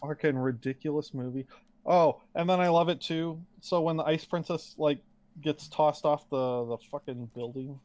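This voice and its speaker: Profane, rambling man with a slightly high voice. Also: moderate pace, darkish tone, no echo. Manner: rambling, profane, joking movie recaps. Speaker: podcast co-host. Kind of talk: casual chat.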